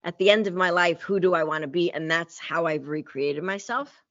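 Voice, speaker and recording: A woman speaking as a blunt, animated coach who swears freely and talks with a low, dry voice. The sound is slightly dull and lo-fi, with no room echo. It suits a casual podcast chat. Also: normal speed.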